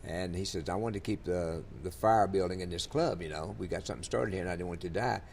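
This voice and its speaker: An older country singer from Louisiana, USA rambles through anecdotes in an interview, full of fillers and restarts. He talks fast in a low, slightly mellow voice with vocal fry, and a faint rumble sits in the background.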